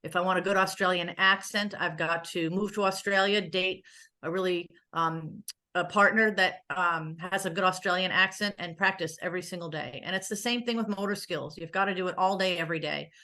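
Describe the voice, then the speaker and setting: A woman therapist speaking at a conference, her voice sitting a little low yet coming across bright and forceful. She talks in a loose, conversational way, dropping in jokes and plenty of "um" fillers as she goes. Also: fairly even intonation, a little fast. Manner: conversational with joking asides and frequent fillers. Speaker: pediatric therapist giving a conference talk. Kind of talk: conference presentation.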